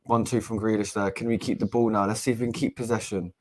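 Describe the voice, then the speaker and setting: A young man giving casual live match commentary as a fan co-host, excitable and exasperated, with frequent restarts. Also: on the low side, fast. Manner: excitable and exasperated, swears, repeats and restarts phrases.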